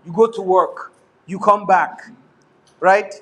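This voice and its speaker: Animated Nigerian man preaching, high voice. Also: slow pace. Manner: animated preaching, switches into pidgin, laughs often. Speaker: pastor. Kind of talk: sermon.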